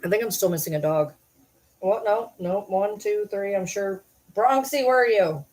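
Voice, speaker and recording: A woman vlogging casually at home at night, chatting to the camera and calling and scolding her dogs in a high sing-song. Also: moderate pace, darkish tone, low-quality recording.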